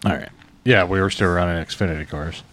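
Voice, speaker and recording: Deep-voiced laid-back man. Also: fairly quick, fairly bright tone. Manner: laid-back, tells road stories. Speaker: podcast co-host. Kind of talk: casual storytelling. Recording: faint background noise.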